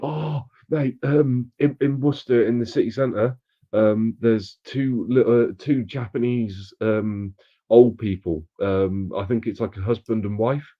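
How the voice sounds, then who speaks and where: A man talking casually and haltingly, with many fillers. He comes through a dull, lo-fi remote microphone, with a mid-range voice. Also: mid-range voice, steady tone. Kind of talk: casual chat.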